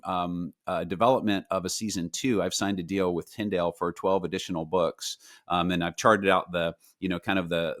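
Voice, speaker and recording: Deep-voiced man, halting interview answers. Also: no echo, clean studio sound. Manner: halting, many fillers and restarts. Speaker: guest, animated series creator. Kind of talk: casual interview talk.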